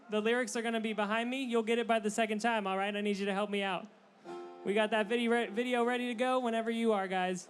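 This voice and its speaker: A man's voice: sits high, quick pace. A male singer-songwriter on an outdoor stage, energetically hyping a live audience. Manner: energetic crowd hype. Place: outdoor stage in a city square. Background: music playing.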